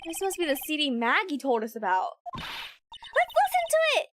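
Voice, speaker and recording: A woman's voice: sits high, huge pitch swings, moderate pace, background noise. A woman voicing an earnest, easily startled young male defense lawyer in a game.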